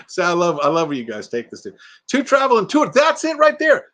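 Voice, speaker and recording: An older man hosts a casual livestream from a home room fitted with a green screen, chatting with viewers, reading their comments aloud and laughing often. His voice is high-pitched and fairly bright, with wildly swooping pitch and a moderate pace.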